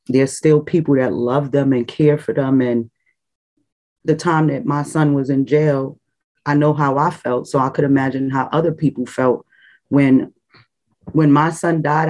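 A woman's voice: a bass voice, rough recording. A middle-aged woman, a bereaved mother, telling her story in raw, emotional testimony. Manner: raw, emotional storytelling with animated quoted voices. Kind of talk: personal testimony.

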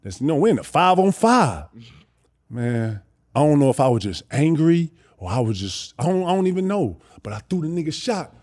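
Brief: man spinning stories in a casual chat, lively delivery, warm dark tone. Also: on the high side, normal speed. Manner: animated, profane, acts out quotes. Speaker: guest.

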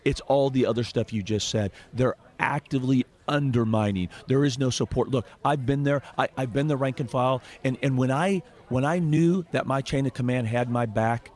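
A man's voice: mid-range voice, moderate pace, few pauses, a little mellow. A middle-aged man, a former border chief, speaking as a guest in a radio interview in an emphatic, indignant way, often repeating words.

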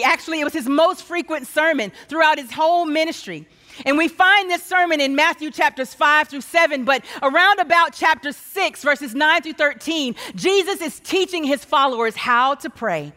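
Woman speaker, high and bright, storytelling sermon, long hall reverb. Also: lively intonation, normal speed. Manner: storytelling, acts out quoted exchanges. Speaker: guest speaker.

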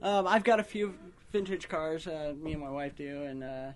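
A man's voice: a little high, normal speed. Easygoing male band guest. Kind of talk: casual radio interview.

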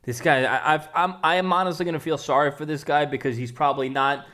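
A man's voice: on the high side, steady tone, fast talker, pushed and bright. A man giving reaction commentary, talking it through with frequent restarts.

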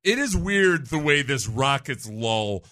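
Male sports talk host, jokey and rambling, bright tone, dry studio sound. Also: mid-range voice, big pitch swings, takes it slowly, no echo. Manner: joking, rambling, laughs often.

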